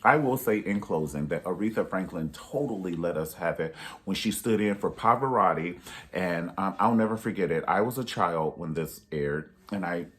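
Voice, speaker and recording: A man in his thirties hosting a casual review vlog, telling stories with animated energy and jumping into high voices to act out quotes. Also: moderate pace. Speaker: YouTube reviewer.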